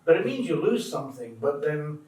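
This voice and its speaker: A man speaking up from the audience at a public talk gives a firm, opinionated comment. His voice sits a little higher than most men's. The mic is far from him, so the room's echo is strong. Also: big pitch swings, fairly quick, a little mellow. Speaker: audience member, translator. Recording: echoey room, distant mic.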